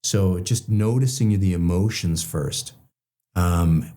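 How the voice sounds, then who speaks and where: A male psychologist with a low, mellow voice talks through relationship patterns in a relaxed, conversational way. He leans on "you know" fillers and slips into short acted-out examples to make his points. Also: moderate pace. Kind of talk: explanatory talk on relationships.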